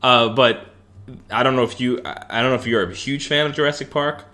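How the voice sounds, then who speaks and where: A man's voice: medium pitch, brisk. A man co-hosting a podcast, retelling movie scenes in casual chat, often stopping to restart. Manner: animated storytelling, hesitant. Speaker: podcast co-host.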